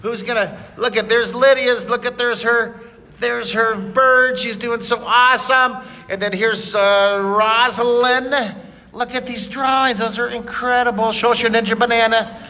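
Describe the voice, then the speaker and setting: A man's voice: very high voice, fairly even intonation, moderate pace, bright, forceful tone. A man leading a live drawing lesson for children in a museum, cheering them on enthusiastically. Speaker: art teacher. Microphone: leaning close to camera. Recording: echoey hall, noisy room.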